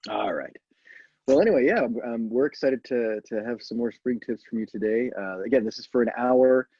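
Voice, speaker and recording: A man's voice: medium pitch, brisk, slightly rough, dry recording, muffled recording. A man hosting a live online event from home, casual and chatty with lots of fillers and laughs. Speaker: host. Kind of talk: casual live-stream chat.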